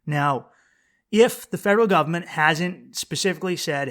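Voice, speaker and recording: A man's voice: fairly high pitch, normal speed, fairly bright tone. A man hosting his own podcast alone, rambling bluntly and profanely, often restarting sentences and throwing rhetorical questions at the listener. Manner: rambling, profane, self-interrupting with frequent restarts. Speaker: podcast host. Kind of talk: casual solo podcast monologue.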